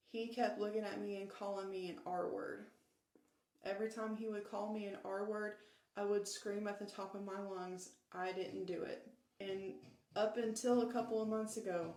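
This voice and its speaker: A woman tells her own story in a steady, matter-of-fact way, quoting the people around her. Her pitch barely moves, and the room around her echoes. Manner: plain, steady recounting with quoted dialogue. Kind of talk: first-person confessional storytelling.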